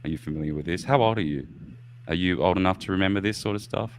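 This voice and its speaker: A man hosts a casual live-stream podcast. His voice sits very low, and he talks in loose, rambling turns. He laughs and swears freely as he goes. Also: fast talker, a little hiss or hum. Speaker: podcast host.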